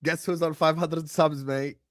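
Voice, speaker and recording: A man hosting a football watchalong livestream, excitedly chanting and urging viewers to subscribe. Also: a little high, a little slow, background noise. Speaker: livestream host. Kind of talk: hyped watchalong livestream chat.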